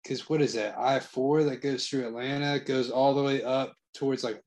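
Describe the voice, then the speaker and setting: A man's voice: medium pitch, steady tone, normal speed, a little mellow. A man co-hosting a casual chat, with laid-back, skeptical banter.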